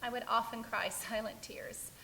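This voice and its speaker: A middle-aged woman telling her own life story as a theatrical one-woman monologue, expressive and wistful. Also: on the high side, moderate pace, creaky, slight background noise, rough recording. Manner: expressive, wistful, self-reflective. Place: stage.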